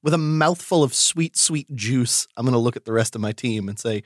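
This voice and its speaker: A man's voice: medium pitch, moderate pace, no room sound, clean studio sound. A man playing a goofy character in a tabletop game, joking around. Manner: goofy, jokey. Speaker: player. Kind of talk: tabletop role-play in character.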